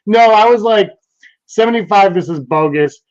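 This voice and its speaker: A man's voice: high voice, moderate pace. A man co-hosting a podcast in casual, rambling chat, laughing a lot. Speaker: podcast co-host. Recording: dull lo-fi sound.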